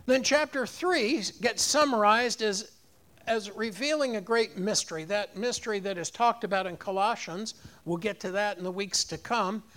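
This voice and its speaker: A man's voice: high voice, fairly bright tone. A man preaching a sermon, rising on key phrases and leading the congregation in repeating lines. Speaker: pastor.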